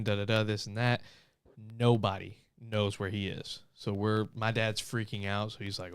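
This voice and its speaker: A man's voice: on the low side, little pitch movement, moderate pace, smooth. A young man co-hosting a casual podcast chat, telling a rambling story with many restarts. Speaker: podcast co-host.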